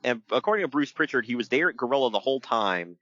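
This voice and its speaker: Animated man with a bright voice. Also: fast, dry recording, lo-fi sound. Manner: animated, laughs often, acts out quotes in a high voice. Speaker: podcast host. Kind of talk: casual podcast chat reviewing wrestling.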